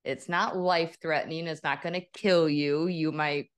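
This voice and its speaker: Deep-voiced rambling woman doctor. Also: fairly even intonation, normal speed, smooth. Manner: rambling, many "like" fillers, searching for words. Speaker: doctor co-host. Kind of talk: casual chat.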